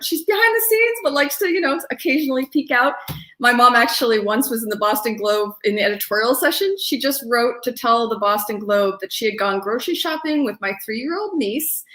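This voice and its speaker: A woman's voice: a little high, bright, forceful tone, reverberant. Chatty woman hosting a storytelling stream. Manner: chatty, many fillers. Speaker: host. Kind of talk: casual hosting and introductions. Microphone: streamed from home.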